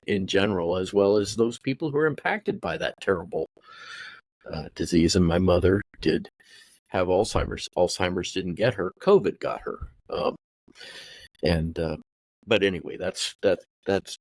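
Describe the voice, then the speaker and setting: Male podcast host from the US; low, heartfelt, halting delivery, dry close mic. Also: dry recording. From USA. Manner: warm, emotional, halting with many restarts. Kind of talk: casual interview chat. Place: home in California.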